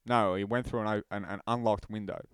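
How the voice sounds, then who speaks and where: A man's voice: on the low side, steady tone, brisk, clean tone, no room sound, studio quality. A man, co-hosting a podcast, quibbling with restarts and stammers. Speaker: podcast co-host. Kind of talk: casual chat.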